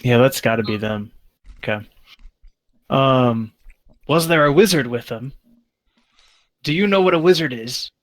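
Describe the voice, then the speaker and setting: A man's voice: mid-range voice, expressive, a little slow, pauses often, no room sound. A man playing in a tabletop game, hesitant and easily amused. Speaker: player.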